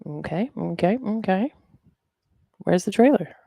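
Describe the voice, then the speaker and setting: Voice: medium pitch, lively intonation, a little slow, creaky, dark tone, no room sound, studio quality. A podcast host chatting casually, rambling and talking to themselves while looking things up. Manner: rambling, talks to self while browsing. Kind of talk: casual chat.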